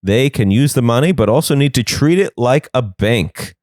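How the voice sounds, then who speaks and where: A man's voice: medium pitch, lively intonation, normal speed, a little mellow, no room sound, studio quality. A young man hosting a comedy podcast, riffing sarcastically on the news and slipping into silly voices.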